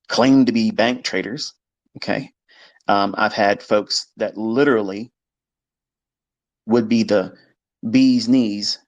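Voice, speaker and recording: A man's voice: on the low side, dry recording. Blunt, profane man lecturing, dry close sound. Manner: blunt, profane and combative, mimicking critics in quoted voices. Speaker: trading educator. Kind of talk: unscripted monologue lecture.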